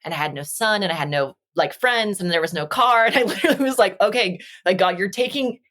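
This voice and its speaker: A woman with a medium-pitched, slightly bright voice talks fast as a guest on a podcast, joining by video call. An energy healer from Las Vegas, she's earnest and reflective in the casual conversation and acts out the dialogue she quotes.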